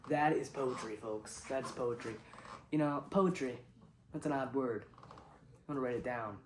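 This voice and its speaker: Rambling deadpan man in an echoey room. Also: medium pitch, background noise. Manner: rambling, deadpan, with sudden loud outbursts. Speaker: comedy show host. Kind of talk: absurdist deadpan monologue.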